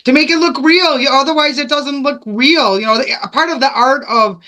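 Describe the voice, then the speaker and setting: A man with a bright, sharp voice who speaks bluntly and jokes around in a casual interview. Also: extremely high pitch, a little fast.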